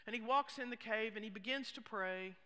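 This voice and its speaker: A woman pastor preaching a sermon, expressive, with hushed asides. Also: on the high side, a little fast. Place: church sanctuary. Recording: long reverb of a church hall.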